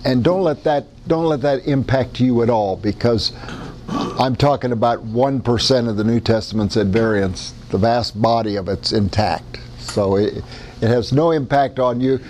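A man's voice: medium pitch, normal speed, a little mellow, a little hiss or hum. A man with a Midwestern American accent preaching a sermon in a conversational, folksy way, often restarting his sentences. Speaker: pastor.

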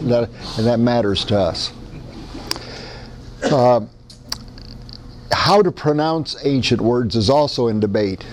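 A man's voice: medium pitch, a little mellow, slight background noise. A man with a Midwestern American accent preaching a sermon in a conversational, folksy way, often restarting his sentences. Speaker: pastor.

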